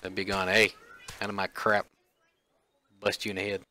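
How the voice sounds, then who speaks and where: A man's voice: fairly low pitch, little pitch movement, a little fast, long pauses, pushed and bright. A man giving casual, joking commentary while playing a game, muttering offhand asides. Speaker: let's play gamer. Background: game music.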